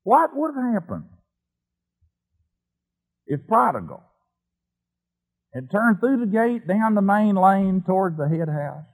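A man preaching a folksy sermon story, animated, with lots of colloquial asides. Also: sits high, takes it slowly, long pauses, rough recording.

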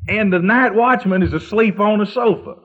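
An older man recounts silly anecdotes in a loose, folksy manner. His voice sits high for a man. The recording sounds muffled and lo-fi. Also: moderate pace. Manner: folksy anecdotal storyteller, breaks into sung bits and laughter. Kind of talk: humorous storytelling. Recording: dull lo-fi recording.

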